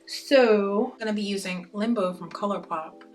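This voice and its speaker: A woman's voice: mid-range voice, normal speed, a little mellow, faint music behind. Chatty young woman vlogging a makeup tutorial. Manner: chatty, playful, addresses viewers as guys and sis. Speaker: beauty vlogger. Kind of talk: casual makeup tutorial chat.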